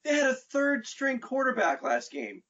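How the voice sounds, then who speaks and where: A man's voice: very high-pitched, wildly swooping pitch, moderate pace, a bit bright, muffled recording. A man co-hosting a casual podcast, laughing often and dropping joking asides from a little way off the mic. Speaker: co-host.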